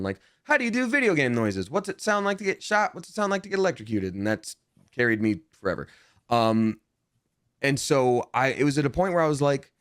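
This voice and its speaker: A young man with a mid-pitched voice tells stories in a lively, animated way, often jumping up in pitch to act out what people said. The sound is close and dry, with no room echo. It is a relaxed interview chat. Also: clear, resonant tone. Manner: animated storyteller, acts out quotes, jumps in pitch. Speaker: guest, voice actor.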